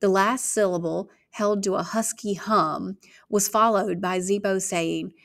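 Woman narrator for an audiobook read-aloud, steady delivery, noticeable vocal fry. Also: medium pitch, measured pace. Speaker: reader. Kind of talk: reading a novel aloud.

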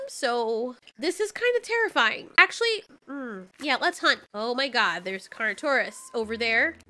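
A woman giving excitable let's play commentary, reacting loudly and swearing when startled. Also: sits high. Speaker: gaming channel host.

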